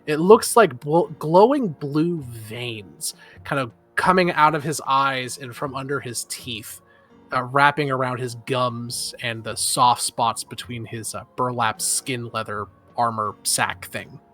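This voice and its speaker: Man game master, slow and bright, narrating with many ums. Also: medium pitch, soft background music. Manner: relaxed, with filler pauses.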